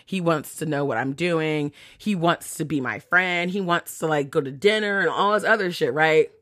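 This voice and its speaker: A woman's voice: deep voice, moderate pace, dry recording, studio quality. A woman hosting a podcast and telling a story in a chatty way. She swears freely and reads out text messages. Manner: chatty, animated retelling, quotes texts aloud, swears freely. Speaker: podcast host. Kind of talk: casual storytelling.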